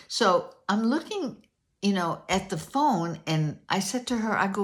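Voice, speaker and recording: An older woman telling a story in a casual, animated way, acting out both sides of a conversation. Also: mid-range voice, a little slow. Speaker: vlogger.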